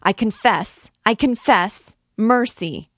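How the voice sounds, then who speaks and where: A woman's voice: medium pitch, slow pace, no room sound, clean studio sound, pitched above the performer's own voice, close to an everyday voice. A woman reading aloud who voices a terrified young woman prisoner crying out and pleading. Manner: frantic, crying out. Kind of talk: audiobook reading.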